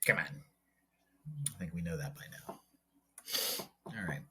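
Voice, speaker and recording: A man's voice: low-pitched, big pitch swings, takes it slowly, fairly bright tone, a little hiss or hum. A man teaching a math lesson on video, talking himself through each step as he draws graphs, with playful asides. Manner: jokey, talks to himself while working problems.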